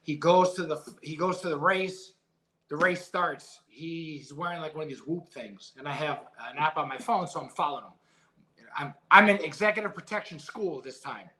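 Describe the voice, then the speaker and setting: A middle-aged man speaks in a fairly high, bright, forceful voice. He is a former boxer who tells his stories in an animated, emotional, casual way, and he swears freely. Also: normal speed. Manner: emotional, animated storytelling with profanity. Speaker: guest, former heavyweight boxer. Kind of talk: casual interview storytelling.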